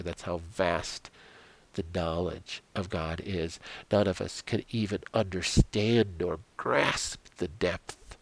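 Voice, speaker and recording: An older man giving an earnest devotional sermon, telling stories dramatically and sinking into quiet prayer. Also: lowish voice, no echo. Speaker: Christian health coach.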